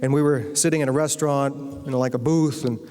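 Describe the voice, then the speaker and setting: A man's voice: medium pitch, fairly even intonation, fairly quick, dark tone. A man from Virginia, a novelist, giving a humorous lecture full of anecdotes and telling stories in a wry way. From Virginia, USA. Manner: wry storyteller, acts out quoted voices. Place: university lecture hall. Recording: long lecture-hall reverb.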